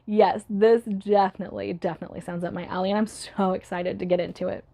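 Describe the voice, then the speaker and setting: A woman's voice: mid-range voice, normal speed, warm tone. A woman vlogging casually about books she bought, chatty and laughing often, her voice worn from being sick. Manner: chatty, laughs often, reads blurbs aloud. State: recovering from illness, voice starting to go. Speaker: book YouTuber. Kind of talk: casual book haul vlog.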